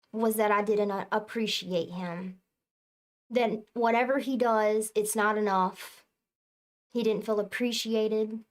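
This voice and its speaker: A woman talking to her viewers as a spiritual reader, in casual, earnest and emphatic speech that swears freely. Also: medium pitch. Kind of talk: casual spiritual talk to camera.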